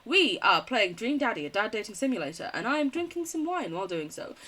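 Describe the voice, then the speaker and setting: A woman's voice: mid-range voice, very animated, quick pace, bright, forceful tone. A young woman streaming a game, reading its text aloud and chatting casually, often giggling and swearing. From United Kingdom. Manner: giggly, swears casually, chats with chat between read lines.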